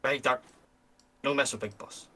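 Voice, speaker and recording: A man's voice: medium pitch, moderate pace. A man voicing an eager, simple-minded male goblin guard who talks in broken pidgin. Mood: conspiratorial. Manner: broken pidgin speech, excitable.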